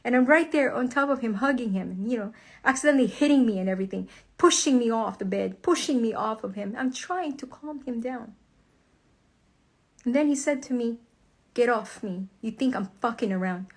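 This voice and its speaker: A woman's voice: on the high side, fairly quick. A tearful woman in an emotional monologue, swearing angrily as she recounts her marriage falling apart. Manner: angry, profane, tearful outbursts. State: crying. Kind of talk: emotional direct-to-camera monologue.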